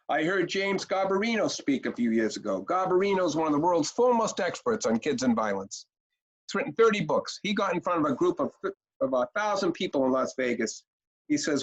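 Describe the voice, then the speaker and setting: A man's voice: high voice, animated, moderate pace, highs cut off. A man presenting a parenting webinar, telling stories energetically with rhetorical questions and repeated words for emphasis. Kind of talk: energetic storytelling lecture.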